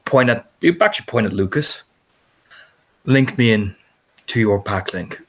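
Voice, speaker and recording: A man's voice: mid-range voice, expressive, unhurried. A man playing a tabletop game, speaking hesitantly and correcting himself as he goes. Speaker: player.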